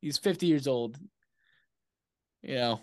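A man's voice: medium pitch, slow pace, a little mellow, dry recording. Young guy co-host, cusses a lot, teasing, laughs, dry close mic. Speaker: co-host, son. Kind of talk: casual chat.

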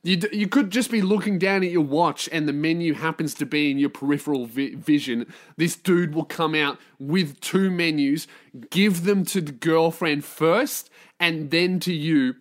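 Sweary ranting guy, fairly high voice. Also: normal speed. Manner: profane, ranting, self-mocking. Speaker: podcast host. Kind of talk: solo comedy podcast rant.

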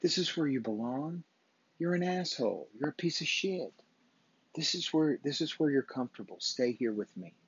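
A man's voice: fairly high pitch, unhurried, darkish tone, dry recording. A man playing a sneering spiritual enemy. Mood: coaxing. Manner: sneering, insulting, repetitive. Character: taunting male spiritual enemy, sneering tormentor. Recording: dull, dry lo-fi recording.

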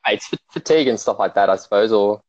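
A man in casual chat, telling animated stories and swearing freely. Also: lowish voice, fast, no room sound. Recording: dull lo-fi dry sound.

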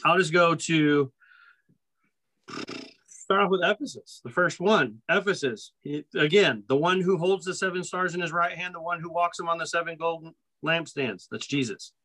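A man's voice: fairly high pitch, normal speed, sharp tone, poor audio. A man co-hosting a podcast who teaches from the Bible in a casual way. He reads scripture passages aloud and repeats his points with emphasis. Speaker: podcast co-host.

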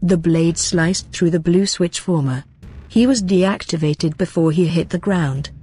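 Woman storyteller, low husky voice, steady plain sci-fi narration. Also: unhurried. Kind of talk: reading an amateur sci-fi story.

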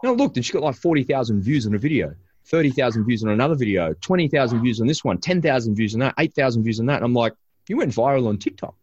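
Lively storytelling man, dry lo-fi sound. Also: mid-range voice, rapid-fire, breathy edge, dry recording. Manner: animated storyteller with many restarts. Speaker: podcast host and father. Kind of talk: casual podcast chat.

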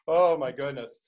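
A man hosting a casual interview, animated and teasing, laughing often. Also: fairly high pitch, muffled recording. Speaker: host.

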